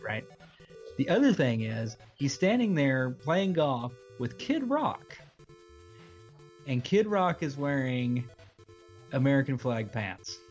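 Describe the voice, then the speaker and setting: A man's voice: medium pitch, darkish tone, lo-fi sound. A man co-hosting a podcast in casual chat, rambling and going off on tangents. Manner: rambling, goes off on tangents, chuckles often. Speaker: podcast co-host.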